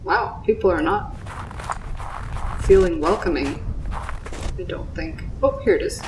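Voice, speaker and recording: A woman's voice: fairly low pitch, a little slow, recorded from a distance, background noise. Giggly Southern woman gaming. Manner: giggly, self-mocking asides. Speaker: Let's Play host. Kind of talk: gameplay commentary. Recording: roomy echo.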